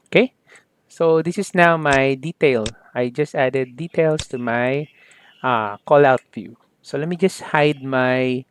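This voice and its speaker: A man teaching a software tutorial step by step, often saying "okay" and "there you go" as he works. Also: fairly high pitch, clean tone, no echo. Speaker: software instructor. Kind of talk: screen-recorded software tutorial.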